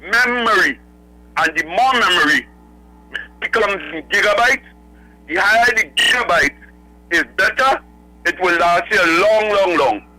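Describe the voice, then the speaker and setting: A man's voice: high voice, animated, a little slow, pauses often, sharp tone, a little hiss or hum, rough recording. A man calling in to a radio show, rambling through numbered points. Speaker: caller. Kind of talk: phone-in call.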